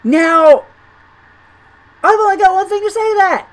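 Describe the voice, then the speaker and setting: A woman with a high-pitched voice talks through a gaming video in a loose, conversational way. She rambles and doubles back on her words, sounding incredulous. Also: unhurried, low-quality recording. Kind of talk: chatty commentary over gameplay.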